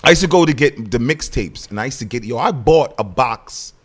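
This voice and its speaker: A man's voice: mid-range voice, lively intonation, fairly quick. A man telling stories as a comedian guest on a podcast, slangy and laughing often, from Bridgeport, Connecticut. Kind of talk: casual chat.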